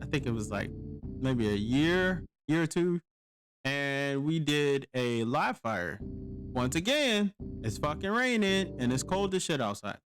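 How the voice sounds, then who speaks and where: A man, telling a profane war-story anecdote in casual podcast chat, acting out his own past lines. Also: medium pitch. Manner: profane, animated storytelling with quoted exclamations. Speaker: podcast host, army veteran.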